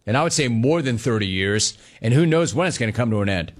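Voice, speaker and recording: Animated jokey sports talk host, man. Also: mid-range voice, fast talker. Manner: animated, jokey, digressive storytelling. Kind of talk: casual sports talk, reading listener messages.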